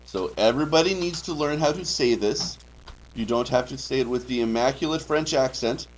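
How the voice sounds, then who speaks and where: Captured on a low-quality recording with a bit of hiss or hum, a male high school chemistry teacher speaks in a mid-range voice at a moderate pace. He drills key terms during the lecture, keeps asking "okay," and slips in dry joking asides.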